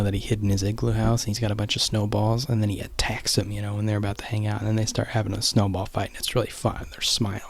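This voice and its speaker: A man's voice: lowish voice, gravelly, dry recording. A young man casually rambling through a movie recap, restarting often and sometimes dropping to a whisper. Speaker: vlogger.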